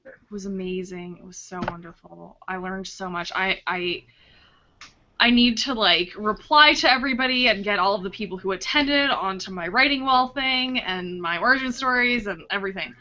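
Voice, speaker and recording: A woman author hosting a casual video chat, telling a rambling, animated story with many restarts. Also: medium pitch, normal speed. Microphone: video call. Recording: dull lo-fi video call audio.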